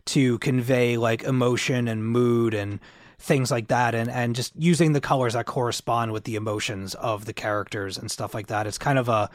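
Talking at a normal speed with fairly even intonation, a medium-pitched man co-hosts a podcast, chatting casually and rambling with many fillers and restarts. The studio-quality sound has no room noise.

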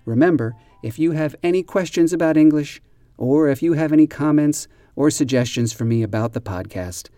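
Man hosting an English lesson podcast: spells words out, stresses them deliberately, warm tone, dry close sound. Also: a little high, dry recording, faint music behind. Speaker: podcast host and English teacher. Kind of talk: slow, careful teaching explanation.

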